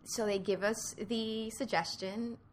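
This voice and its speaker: This woman's voice is a little high and steady in tone, with a bit of hiss or hum in the recording. She's an improv actor from Puerto Rico with a Puerto Rican Spanish accent, chatting casually in a halting way with lots of fillers and restarts.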